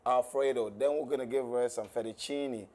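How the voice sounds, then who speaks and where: A man's voice: medium pitch, fairly even intonation, normal speed, a little mellow. A man with an American accent, a guest chef chatting casually in a TV studio, laid-back and easygoing. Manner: laid-back, easygoing, says "you know" a lot. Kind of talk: casual chat while cooking.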